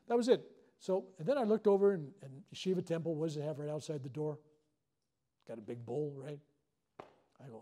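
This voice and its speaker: A man's voice: fairly high pitch, lively intonation, fairly quick, mellow. A man leading a spiritual workshop, telling a personal story to a live audience in a joking, self-deprecating way.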